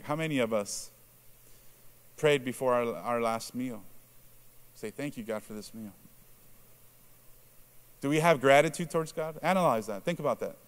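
A man preaching a sermon in a conversational way, asking the congregation questions and adding "right?" to his points. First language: Spanish. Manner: acts out quoted reactions in a lowered voice.

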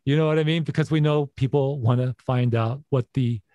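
A man's voice: medium pitch, fairly quick, warm tone, no echo. A middle-aged man hosting an interview in a casual, reflective way, laughing often. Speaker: podcast host.

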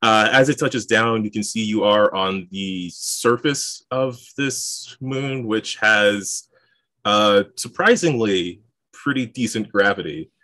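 A man running a tabletop game as game master, relaxed, laughing often and filling pauses with "uh" and "um.". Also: lowish voice, no echo.

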